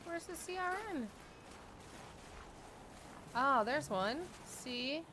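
Brief: high, animated woman streamer, loud and excitable, curses freely over gameplay. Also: drawn-out words, noisy background. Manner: loud, excitable, swears a lot. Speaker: gaming streamer. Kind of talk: let's play commentary.

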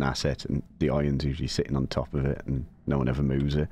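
A young man hosting a horror game let's play, deliberately keeping his voice low and quiet so he doesn't set off the mic, muttering casual, swear-laden commentary as he plays. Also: monotone, a little hiss or hum. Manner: hushed, talking low to keep quiet. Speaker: gaming channel host.

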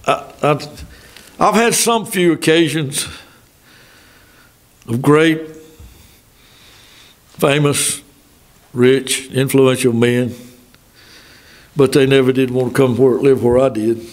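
An older man with a Southern American accent preaching a sermon in a folksy way, stopping for asides and reading scripture slowly. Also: mid-range voice. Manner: folksy, thinking aloud with asides. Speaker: pastor.

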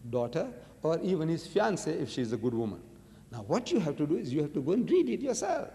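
A man's voice: on the high side, a little mellow, long reverb tail. A man giving a public religious lecture, emphatic and rhetorical, often putting questions to his audience.

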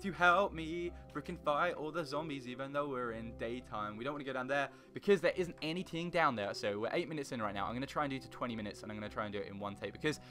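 A man's voice: fast talker, few pauses. A young man giving rambling, goofy commentary while playing a block-building game, sometimes breaking into silly noises. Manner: rambling, goofy, bursts into loud high singing and silly noises. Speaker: gaming YouTuber. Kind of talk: casual Minecraft let's play commentary. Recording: faint guitar music behind.

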